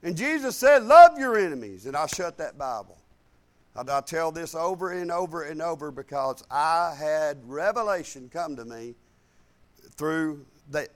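A male pastor preaching a live sermon, rising loud and high on key points and dropping to quiet asides, with frequent repeated words.

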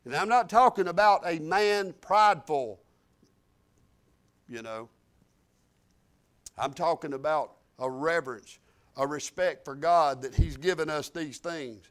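An older man preaching a sermon, telling folksy stories and swinging between quiet asides and loud, emphatic declarations. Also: on the high side, a little slow, pauses often.

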